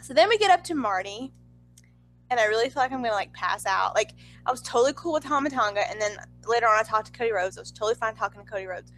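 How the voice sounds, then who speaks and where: A young woman telling a story in a chatty, excitable way, full of "like.". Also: on the high side, quick pace, rough recording. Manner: chatty, excitable, heavy use of "like". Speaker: vlogger. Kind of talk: casual storytelling.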